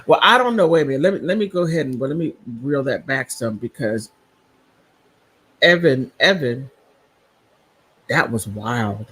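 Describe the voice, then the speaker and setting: A man's voice: mid-range voice, animated, normal speed, long pauses, a bit bright, husky, low-quality recording. A man hosting a casual live stream, rambling through commentary and reacting to viewer comments. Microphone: computer mic on a streaming app.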